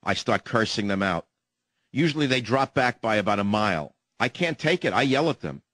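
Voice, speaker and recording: A man's voice: lowish voice, lively intonation, moderate pace, fairly bright tone, dry recording. A man hosting a talk radio show, ranting in a combative way. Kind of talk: angry talk radio monologue.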